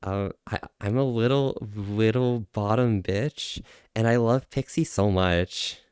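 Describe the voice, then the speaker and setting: A man putting on a sweet, shy fox streamer voice with slow, drawn-out words. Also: on the low side, a little mellow, clear, resonant tone, dry recording, studio quality. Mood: bashful. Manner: slow, drawn-out, bashful delivery. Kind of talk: streamer impression of a friend.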